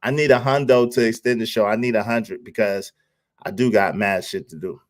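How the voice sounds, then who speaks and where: A man's voice: fairly low pitch, fairly even intonation, brisk. A man hosting a live stream in casual chat, talking animatedly, teasing the viewers and laughing often. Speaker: livestream host.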